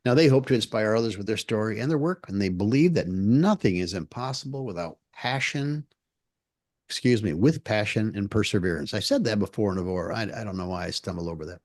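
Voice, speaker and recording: A man's voice: fairly low pitch, animated, a little fast, darkish tone, no room sound. Man, business podcast co-host, explaining, occasional stumbles, dry sound. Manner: explanatory, reads examples aloud with small slips. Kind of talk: casual podcast chat.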